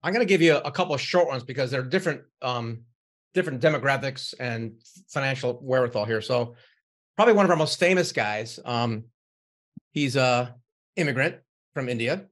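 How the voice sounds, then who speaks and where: A man guesting on a podcast as a book publisher, telling brisk anecdotes about clients. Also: mid-range voice, animated. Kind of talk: casual interview.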